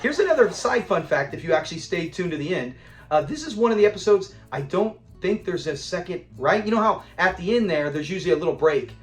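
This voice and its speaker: A middle-aged man giving casual commentary on a sitcom episode, animated, laughing often and acting out quotes. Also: high-pitched, fast talker, soft background music. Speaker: TV episode reviewer.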